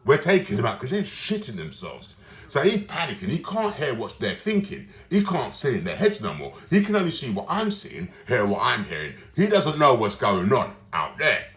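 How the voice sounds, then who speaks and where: A man's voice: mid-range voice, wildly swooping pitch, moderate pace, fairly bright tone. Agitated rambling man, roomy echo. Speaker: vlogger. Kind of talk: rambling casual monologue. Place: indoors, his room.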